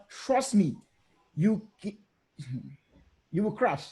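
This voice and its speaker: Man, high voice, emphatic, challenging, repeats himself, panel discussion over video call. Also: lively intonation, moderate pace, darkish tone. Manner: emphatic, repeats phrases, challenges listeners directly.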